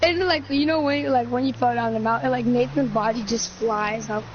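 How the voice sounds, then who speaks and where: A high-voiced woman narrates her moves in a roleplay fight, casual and full of fillers. The recording is muffled and lo-fi, with clear noise behind her voice. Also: steady tone, fairly quick. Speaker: roleplay player. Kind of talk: improvised roleplay storytelling.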